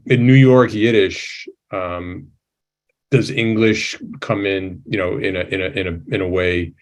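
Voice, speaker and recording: A man moderating a webinar panel over a video call, putting audience questions to the guests in an inviting way. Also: sits low.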